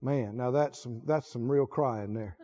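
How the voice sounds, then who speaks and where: Deep, drawling, mock-impressed God, put on by a male preacher; dull lo-fi sound. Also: measured pace, warm tone, close to an everyday voice. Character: God marveling at crying, amused old male spirit. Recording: dull lo-fi recording.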